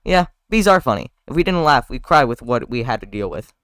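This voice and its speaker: A man's voice: medium pitch, sing-song, brisk, fairly bright tone, dry recording, studio quality. A man doing Barry, a stammering nervous bee. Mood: flustered. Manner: stammering, flustered. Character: nervous polite young male bee.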